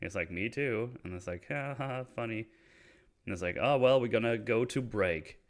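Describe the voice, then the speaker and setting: Low-voiced man rambling about a movie. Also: brisk. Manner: hesitant, many fillers, retells scenes. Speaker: podcast host. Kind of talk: casual movie discussion.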